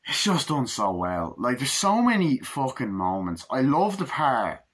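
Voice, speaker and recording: A man's voice: medium pitch, big pitch swings, unhurried, fairly bright tone, slightly rough. A man in his twenties reviewing a movie into his phone, rambling and swearing, with lots of fillers. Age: 20s. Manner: rambling, profane, full of fillers. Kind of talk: casual movie review monologue.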